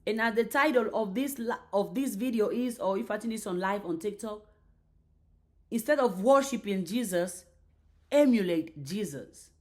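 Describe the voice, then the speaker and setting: A woman's voice: mid-range voice, animated, moderate pace, darkish tone. A woman giving an emphatic motivational faith talk on a live stream, repeating herself and restarting lines as she goes. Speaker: faith and mindset creator.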